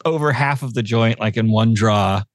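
A man co-hosting a casual film podcast, retelling scenes with lively acted-out voices. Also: medium pitch, normal speed, no room sound, clean studio sound. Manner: animated, acts out scenes in quoted voices. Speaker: podcast co-host.

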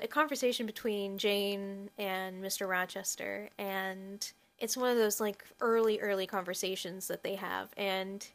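A woman's voice: mid-range voice, fairly bright tone. A woman hosting a podcast, talking casually about a book, with many fillers and restarts and frequent laughter. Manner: laughs often while talking. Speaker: podcast host.

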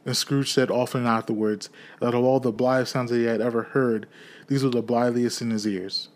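Guy reading an old novel out loud, steady and measured, mid pitched voice. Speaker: audiobook reader. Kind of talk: reading a classic novel aloud.

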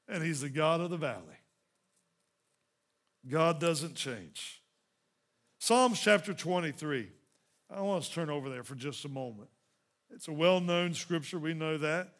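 A man preaching a sermon as pastor, building into emphatic runs and dropping into softer asides to the congregation. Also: a little high.

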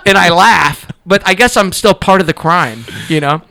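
A man's voice: sits high, moderate pace, gravelly, background noise. A man who is a podcast guest, telling a story casually and with animation, packed with fillers.

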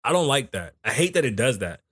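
A male podcast host talks loosely and profanely at a mid-range pitch, joking his way through a live show. His studio microphone gives a dry, close sound with no room echo. He rambles from one topic to the next. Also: big pitch swings, fast, a bit bright, breathy edge. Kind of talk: casual live show chat. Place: small studio.

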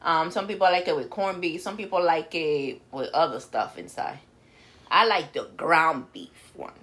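A woman's voice: sits low, moderate pace, a bit bright. A woman co-hosting a podcast in casual chat, crude and joking, slipping Spanish words into her English. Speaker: podcast co-host.

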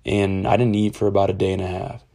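A man's voice: on the low side, steady tone, fast talker, gravelly, dark tone. A young man from Ohio telling a personal story in a rambling, candid, casual way, swearing freely. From Ohio, USA.

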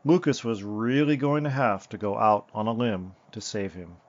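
Man calmly narrating a storybook. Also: lowish voice, normal speed, lo-fi sound.

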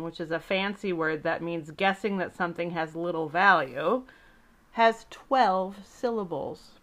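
A woman entertainer speaking gently and warmly to children, telling a friendly story and explaining words simply. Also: lowish voice.

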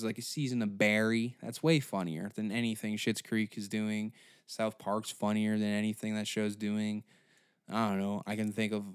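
A man's voice: fairly low pitch, clean tone, no room sound, clean studio sound. A man hosting a comedy podcast, ranting sarcastically with lots of swearing and incredulous questions. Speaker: podcast host.

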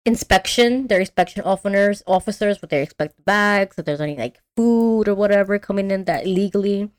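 A young adult woman host recapping a movie in casual chat. She talks in an animated, slangy way, with lots of fillers and restarts. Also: mid-range voice, fairly quick. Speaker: podcast host.

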